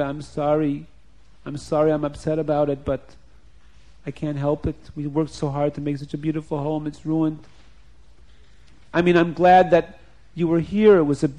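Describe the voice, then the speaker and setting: A man's voice: fairly high pitch, mellow, close to an everyday voice. A man voicing a distraught homeowner who laments in tears over his ruined house, in a told children's story. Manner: tearful lamenting.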